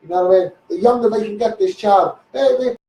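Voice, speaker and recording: A man's voice: sits high, fairly quick, warm tone, echoey room, far from the mic, low-quality recording. A man with a Scouse accent ranting heatedly into a live stream, repeating himself and swearing often. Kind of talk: impassioned Facebook live rant.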